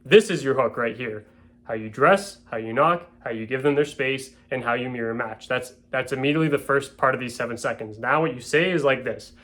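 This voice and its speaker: A man who sells real estate teaches door-to-door sales informally from his home, acting out what to say at the door and often checking that his listeners are following. His mid-range voice is a bit bright and moves fairly quickly.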